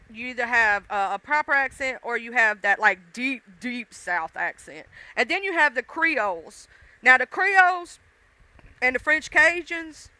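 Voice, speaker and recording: A Southern woman with a very bright, crisp voice, chatting loosely to her live-stream viewers. Her talk is folksy and sprinkled with casual cussing. The sound is dry and close, with no room echo. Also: sits high. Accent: Southern US, mixed country and urban. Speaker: livestream host.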